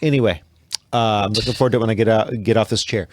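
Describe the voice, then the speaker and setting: A man's voice: lowish voice, fairly even intonation, racing, slight background noise. A man hosting a casual true-or-false quiz on a podcast, tired and slightly slurring his words. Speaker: podcast host. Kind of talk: casual panel quiz chat.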